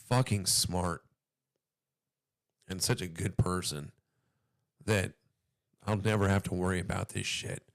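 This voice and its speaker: A hoarse man hosting a reaction commentary video, talking in a profane, furious rant. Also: fairly low pitch, no echo, studio quality.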